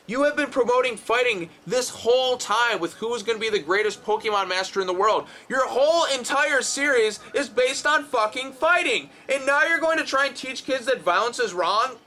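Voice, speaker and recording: Profane male reviewer, exasperated, high, bright, sharp tone. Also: moderate pace, few pauses, slight background noise. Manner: profane, exasperated, shouting outbursts. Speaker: film reviewer. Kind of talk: ranting comedic review.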